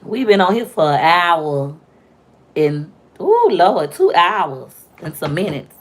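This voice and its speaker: A young woman chatting loudly and talkatively with viewers on a casual live stream, telling stories with playful, animated quoted voices. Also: fairly low pitch, takes it slowly. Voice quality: loud, talkative. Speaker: livestream host.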